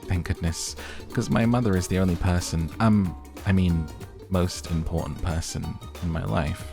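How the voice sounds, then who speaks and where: A man's voice: sits low, fairly even intonation, normal speed, vocal fry. A man reading an awkward young huntress woman. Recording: music playing behind.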